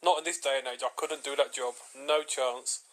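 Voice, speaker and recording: A man's voice: medium pitch, fairly even intonation, normal speed, fairly bright tone, poor audio. A man in his thirties from Britain ranting in casual chat, stammering and swearing freely. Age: 30s.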